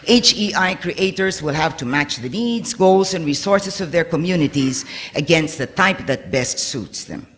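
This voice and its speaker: A man's voice: on the high side, lively intonation, a little slow, few pauses, fairly bright tone. A man giving a formal academic lecture in a hall, partly reading aloud, stressing key words and letting his voice fall at the ends of phrases. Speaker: university speaker giving a lecture.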